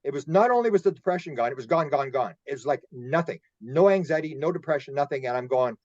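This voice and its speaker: A man's voice: medium pitch, animated, quick pace, darkish tone, no echo, muffled recording. A man speaking as a guest in a casual roundtable discussion, rambling and repeating words as he tells his stories.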